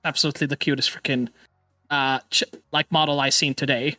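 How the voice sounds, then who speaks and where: A man hosting a casual live stream as a VTuber, excitable, stammering and often laughing or swearing. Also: medium pitch, fairly quick, no room sound, faint music behind.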